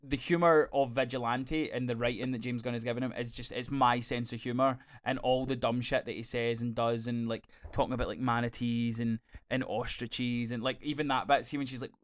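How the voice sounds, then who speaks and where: A man co-hosting a podcast, chatting in a gushing, sweary, animated way. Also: medium pitch. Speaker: podcast co-host. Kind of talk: casual review chat.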